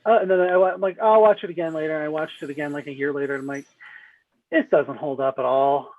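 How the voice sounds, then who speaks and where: High-voiced man over a tinny line. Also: fairly even intonation, darkish tone, dry recording. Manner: blunt, joking, halting restarts. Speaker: guest film reviewer. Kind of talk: casual podcast chat.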